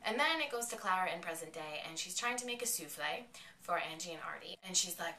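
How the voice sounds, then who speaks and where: A woman giving a chatty, excited recap of a television episode. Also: fairly low pitch, brisk, a little hiss or hum. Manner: excitable, chatty retelling with quoted lines. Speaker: vlogger reviewing an episode. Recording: echoey room, mic at a distance.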